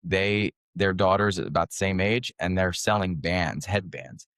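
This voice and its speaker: A man in his forties, a podcast guest, talking casually with lots of fillers and lively anecdotes. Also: low voice, unhurried, dry recording, clean studio sound. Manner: conversational, animated anecdotes, many fillers. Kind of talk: casual interview talk.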